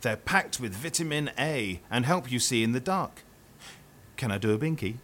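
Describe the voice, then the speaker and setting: A man voicing an excitable little rabbit, pleading and bouncy, reading from a children's play. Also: mid-range voice, moderate pace, a little hiss or hum, voice pushed up, lightly acted. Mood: eager.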